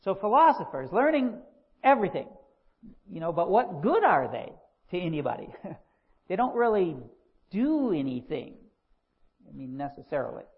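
A man teaching scripture in a relaxed podcast style, with folksy asides and frequent laughs. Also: high-pitched, normal speed, long pauses, slightly rough. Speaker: pastor. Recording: dull lo-fi recording.

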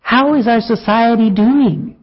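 A man preaching a sermon, animated and wry, breaking into chuckles and mocking asides. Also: very high-pitched, a little slow, husky, lo-fi sound.

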